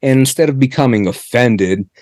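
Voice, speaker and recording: A man's voice: mid-range voice, normal speed, a little mellow, no room sound, clean studio sound. A man from the Pittsburgh area, an author being interviewed, who tells long stories with asides and restarts. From Pittsburgh area, United States. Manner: chatty storyteller, many asides and restarts. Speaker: author guest. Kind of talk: conversational interview.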